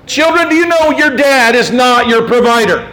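A man's voice: extremely high pitch, lively intonation, moderate pace, bright, forceful tone, low-quality recording. A male pastor delivering a sermon in an emphatic, folksy way, with self-deprecating asides.

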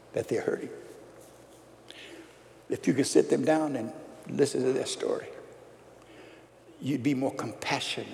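Gravelly man preaching in a reverberant hall. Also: mid-range voice. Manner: emphatic preaching, swells loud then drops soft. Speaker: pastor. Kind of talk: sermon.

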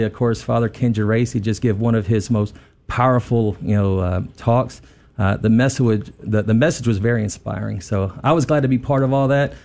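A man's voice: medium pitch, a little mellow. A man co-hosting a radio talk show, speaking earnestly with many fillers. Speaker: radio co-host.

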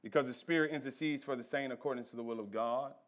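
A fast-talking male pastor with a medium-pitched voice preaches a sermon inside a church. He sounds conversational, swinging from loud, emphatic lines to hushed, intense ones.

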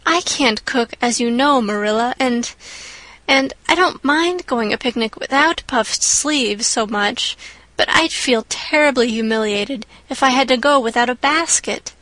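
A woman's voice: on the high side, unhurried, sharp tone, no echo. A woman voicing an eleven-year-old orphan girl, imaginative and chattering, who speaks breathlessly and gushes in her audiobook reading. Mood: breathless pleading. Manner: breathless, gushing, rapturous.

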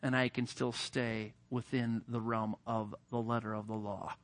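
A preacher playing a stern but merciful male desert warden, speaking low and measured. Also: level tone, lightly acted. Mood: earnest.

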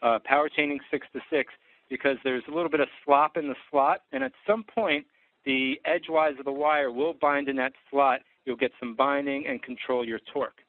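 A man delivers a methodical, technical clinical lecture as an orthodontist walking through cases, pausing on fillers now and then. His voice sits at an ordinary middle pitch. The sound is thin and narrow like a phone line, with no room echo at all. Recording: dry tinny phone-like sound.

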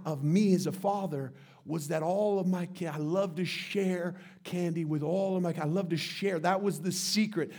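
A male pastor with a notably high voice preaches in a church. He tells his story in an animated way and acts out the dialogue in a livelier voice. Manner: animated storytelling, acting out dialogue with rising pitch. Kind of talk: sermon. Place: church sanctuary.

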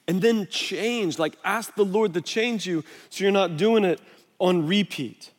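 A middle-aged man, a pastor on a body mic, preaching a sermon in a relaxed, conversational way and telling stories against himself. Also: sits high, a little slow. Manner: conversational, self-deprecating storytelling. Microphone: wireless body mic. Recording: long hall reverb.

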